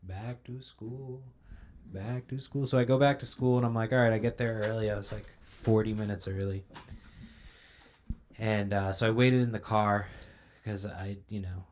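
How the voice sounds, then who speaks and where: A man's voice: lowish voice, steady tone, normal speed, darkish tone. A young man hosting a podcast, ranting in a casual, profane, rambling monologue and sounding a little sleepy. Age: young adult. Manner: profane, ranting, loose storytelling. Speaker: podcast host.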